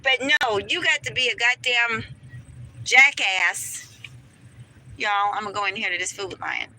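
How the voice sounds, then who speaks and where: A woman's voice: fairly high pitch, unhurried, bright, forceful tone, poor audio. A woman dental hygienist ranting to her viewers in a casual vlog, emphatic and preachy, talking straight to the camera.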